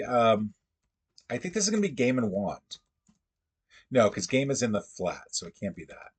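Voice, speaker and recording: A man hosting a casual livestream, thinking aloud in a halting, musing way as he works through puzzles. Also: medium pitch, sing-song, husky.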